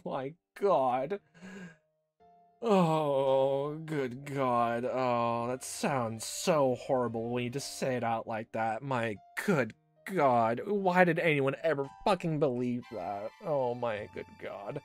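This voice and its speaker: A man's voice: medium pitch, takes it slowly, faint music behind. A man giving casual let's play reaction commentary, exasperated and swearing, laughing often and trailing off into fillers.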